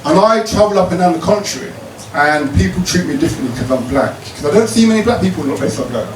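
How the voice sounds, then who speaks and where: A cheeky stand-up comedian, his voice riding high and swinging widely as he works the crowd. The sound is roomy and a little distant, like a club stage recording with plenty of noise around him. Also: expressive, fast. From Croydon, South London. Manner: cheeky, punchy, leads call-and-response. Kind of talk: stand-up routine with crowd work.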